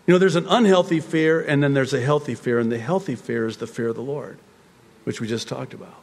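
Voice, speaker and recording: A middle-aged man preaching a sermon in a church, swinging between emphatic raised peaks and quiet conversational asides. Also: mid-range voice, fairly quick, long reverb tail. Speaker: pastor.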